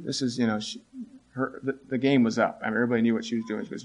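A middle-aged man, a teacher, tells a story about his students in a voice of ordinary pitch. He speaks earnestly and haltingly, often restarting sentences. His voice lifts when he quotes the students. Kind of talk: storytelling talk.

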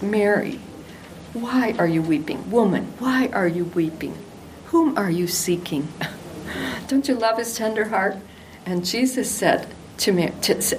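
A woman's voice: medium pitch, a little mellow, slight background noise, low-quality recording. An older woman teaching the Bible to women in an earnest, affectionate devotional talk.

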